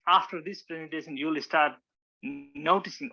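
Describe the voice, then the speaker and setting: A man instructs at a public speaking club, giving an informal teaching talk with slides. He's demonstrative, acting out examples and restarting often. His voice is on the high side, a little slow, pushed and bright, and the recording's highs are cut off.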